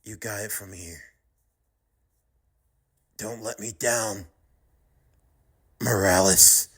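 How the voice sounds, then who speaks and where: A man voicing a dying man in a fan-made audio drama, speaking quietly and with resignation. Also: lowish voice, fairly even intonation, extremely slow, breathy edge, voice pushed down, heavily acted. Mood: resigned.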